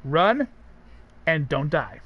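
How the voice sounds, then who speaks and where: High-voiced man in joking game chat. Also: big pitch swings, slow, highs cut off. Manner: joking, swearing, teasing. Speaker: streamer playing co-op. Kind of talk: casual live gaming chat.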